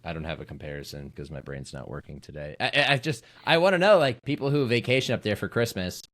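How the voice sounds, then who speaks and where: A man's voice: low-pitched, quick pace, fairly bright tone. A man co-hosting a sports podcast in casual chat, teasing his co-hosts and laughing often. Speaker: podcast co-host.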